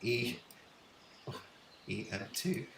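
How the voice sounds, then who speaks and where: A man's voice: medium pitch, expressive, extremely slow, creaky, a bit bright, roomy sound, recorded from a distance, slight background noise. A man live-streaming outdoors, talking to viewers in awed, emotional exclamations. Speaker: live streamer filming the sky.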